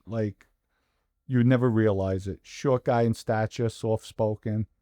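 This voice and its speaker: Low-voiced man, emphatic and repetitive. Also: steady tone, unhurried, dark tone, no echo, studio quality. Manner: emphatic, repeats words for stress. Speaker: guest. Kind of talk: conversational interview.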